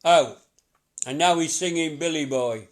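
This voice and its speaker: A middle-aged man with a voice pitched a touch high gives a psychic reading to a sitter. He talks in a chatty, looping way, repeats himself and laughs easily between his lines. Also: unhurried. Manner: chatty, repetitive, laughing often. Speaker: psychic medium.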